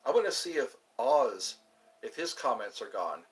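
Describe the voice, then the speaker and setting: A man hosting a solo livestream, talking slowly and rambling, drifting into low murmured chanting. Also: very animated, distant mic, loud music behind the voice, low-quality recording. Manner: slow, drawn-out musing with low murmured chanting. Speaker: livestream host.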